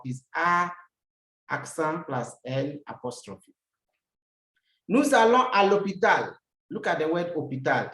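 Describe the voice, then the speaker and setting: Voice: mid-range voice, fairly bright tone. A language teacher giving a recorded lesson, repeating each example sentence, translating it and asking the learner rhetorical questions. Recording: roomy echo.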